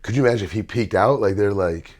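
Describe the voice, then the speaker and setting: A middle-aged man with a very deep voice speaks calmly and evenly. He leads a relaxed interview about coaching and sounds measured. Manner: calm, measured, even-tempered. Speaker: host and basketball trainer. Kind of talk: casual interview chat.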